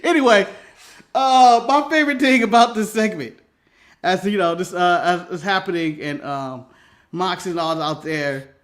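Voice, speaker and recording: An American man co-hosts a casual wrestling recap podcast, working through his notes with lots of energy and frequent laughter. He has a high, slightly bright voice and speaks a little slowly.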